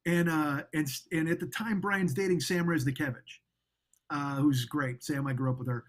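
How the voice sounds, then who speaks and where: A man telling stories in a casual, profane, animated way as a comedy show co-host. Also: a little high, moderate pace. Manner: profane, animated, mocking impressions. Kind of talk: casual storytelling chat.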